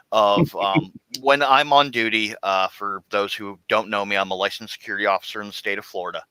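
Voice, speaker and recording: Crisp, forceful man telling stories. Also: lowish voice, no echo, low-quality recording. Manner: animated storyteller. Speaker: licensed security officer. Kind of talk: casual chat.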